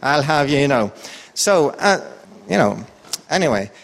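A man's voice: on the high side, very animated, measured pace, gravelly, in a large hall. An Irish man leading an informal Bible talk with a quiz, chatty and joking, with a sing-song voice that goes up and down. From Ireland. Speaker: church group leader.

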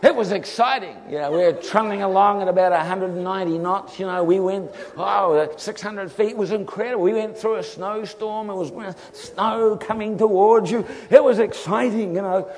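A man telling a funny travel story in a sermon, animated and laughing often. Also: high voice, normal speed, few pauses. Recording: long hall reverb.

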